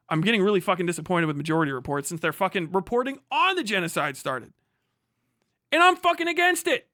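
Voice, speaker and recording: A man's voice: high voice, sharp tone, no echo, clean studio sound. A man streaming live, ranting angrily with heavy profanity and sarcasm as he reacts to an article.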